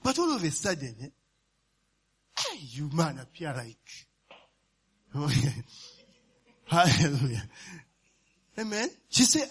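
A man's voice: fairly high pitch, wildly swooping pitch, slow pace, long pauses, husky. A man preaching a sermon, forever asking "you understand?" and "eh?" and laughing between points. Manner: call-and-response asides, often asks "you understand?" and "eh?", laughs while preaching.

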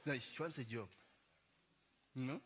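A man's voice: medium pitch, a little slow, fairly bright tone, husky. A young adult man, a pastor telling a story in a chatty sermon, laughing often and tagging lines with "eh?".

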